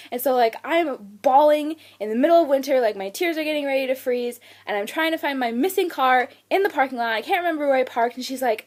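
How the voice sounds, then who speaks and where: Young woman vlogging, retells a story, high voice, acts out the panicky bits. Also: fast. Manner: animated retelling, acting out her own panicked quotes. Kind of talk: storytelling vlog.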